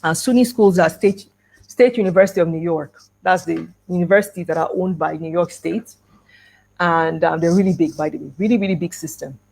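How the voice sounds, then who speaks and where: A woman's voice: fairly low pitch, fairly quick, vocal fry, darkish tone. A middle-aged woman speaking at an education conference, telling a personal story and acting out the dialogue, with light laughs. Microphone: video call.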